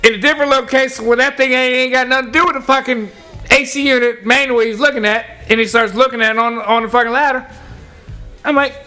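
A man with a strikingly high, bright, forceful voice, spinning a rowdy work story full of cursing. He slips into his coworkers' voices as he tells it. Faint music plays behind him. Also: fast, clean tone. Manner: animated storyteller, acts out coworkers, heavy cursing. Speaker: podcast co-host telling a work story. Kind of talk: casual profane chat.

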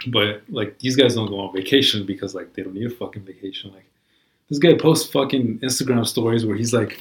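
A man chats casually in a low-pitched voice, swearing constantly and wandering from point to point with filler words. The sound is roomy and echoey. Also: fairly quick. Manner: profane, rambling, lots of "like" and "you know". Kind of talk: casual chat.

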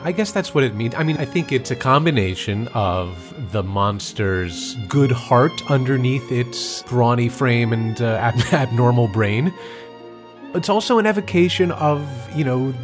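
A man co-hosting a podcast, talking about film music in a thoughtful way and elaborating quickly. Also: mid-range voice, animated. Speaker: podcast co-host. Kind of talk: analytical discussion of film music.

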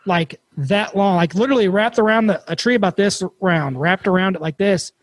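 High-voiced man telling a creepy story. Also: a little fast, no room sound. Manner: swears freely, animated storyteller. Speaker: podcast host. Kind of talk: casual storytelling.

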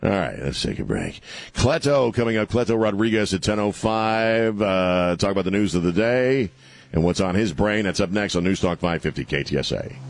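A middle-aged man hosts a talk radio show, trading wry jokes with his guest. His voice sits very low, and the studio mic sounds dry and close. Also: lively intonation, creaky, dry recording. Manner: joking, wry, drops into quick put-on voices. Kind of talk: casual talk radio chat. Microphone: studio microphone.

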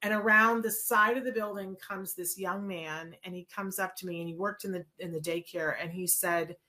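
Bright-voiced woman telling a personal story. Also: on the low side, normal speed. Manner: lively retelling with quoted dialogue and restarts. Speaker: interview guest, mother.

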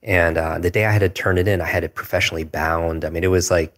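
A man in his forties with an extremely low voice, speaking in a flat, even tone. He tells a personal story earnestly and reflectively as a guest, stopping often to hesitate. His delivery stays steady rather than lively. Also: quick pace. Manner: earnest, reflective, with frequent hesitations and filler words.

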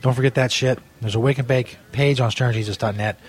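A man's voice: mid-range voice, steady tone, fast, breathy edge. A man hosting a comedy podcast, ranting profanely as an exasperated broadcaster stuck in a bad spot. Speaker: comedy podcast host playing a frustrated sports broadcaster. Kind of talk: improvised comedy bit.

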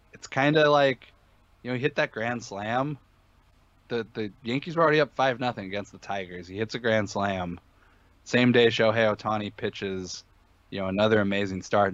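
An opinionated man breaks down sports betting picks in a casual podcast chat. He talks emphatically, with lots of fillers and restarts. His voice sits low, and the recording is dull and dry. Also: moderate pace, fairly bright tone, no room sound.

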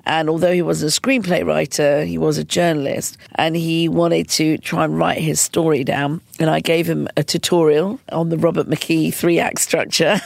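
Animated woman with a gravelly edge. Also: moderate pace, no room sound. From United Kingdom. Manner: lively storyteller who acts out quotes in a high voice. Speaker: film director, interview guest. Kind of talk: storytelling interview answers.

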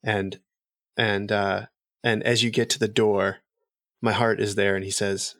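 A man narrating as game master in a rambling, halting way with many fillers. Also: lowish voice, little pitch movement, fairly bright tone, no echo, studio quality.

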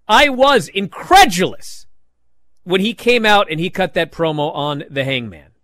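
Podcast guy telling a story, pretty high voice, bounces around a lot, dry close sound. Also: moderate pace, no echo. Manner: animated storytelling with restarts. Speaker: podcast host. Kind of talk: casual chat.

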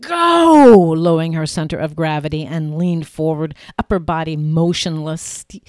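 A woman narrating an audiobook in a steady, clear storytelling manner. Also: on the low side, no echo, studio quality.

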